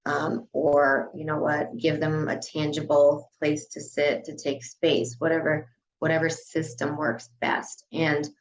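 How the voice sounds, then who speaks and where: A woman with a low-pitched voice talks casually as a podcast guest. She runs a dance studio and peppers her sentences with "you know" and "like" as she goes. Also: flat delivery, measured pace, low-quality recording. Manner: chatty, frequent "you know" and "like" fillers.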